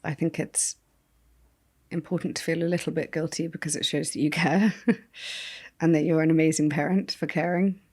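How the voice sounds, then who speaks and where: A woman's voice: sits low, fairly even intonation, normal speed, pauses often, a little mellow. A British woman co-hosting a podcast, talking in a chatty, analytical way. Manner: chatty and analytical, reads listener letters aloud. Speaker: podcast co-host. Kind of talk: casual chat.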